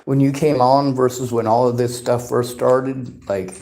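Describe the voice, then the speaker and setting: A man's voice: mid-range voice, fairly even intonation, measured pace, vocal fry, mellow. A man on a phone call that is being livestreamed, talking in long, aggrieved, rambling runs about police he is reporting on. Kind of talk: casual phone conversation, livestreamed.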